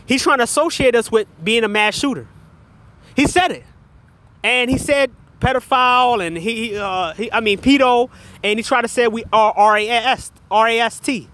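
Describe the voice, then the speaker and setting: A man's voice: very high voice, moderate pace, sharp tone. A man in a heated, profane livestream rant, talking straight to his chat viewers and repeating himself. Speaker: livestream commentator.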